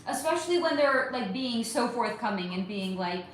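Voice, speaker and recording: A woman's voice: fairly high pitch, moderate pace. A woman in her thirties from California, hosting a casual livestream and greeting viewers by name, calling them honey and darling. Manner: warm-toned, calls viewers honey and darling, chatty and animated. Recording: very echoey room with faint ambient noise.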